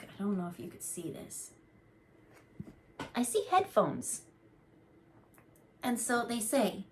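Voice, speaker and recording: Woman, intuitive card reader, casual rambling delivery, earnest, mid pitch, faint background hiss. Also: darkish tone. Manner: chatty, rambling, earnest with frequent fillers and restarts. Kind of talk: casual channeled tarot reading.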